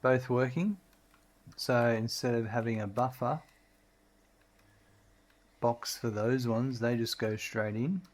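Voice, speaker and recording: Slow, easygoing man streaming. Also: medium pitch. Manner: relaxed, chatty, talks to his dog in a sing-song voice. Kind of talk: casual gameplay commentary.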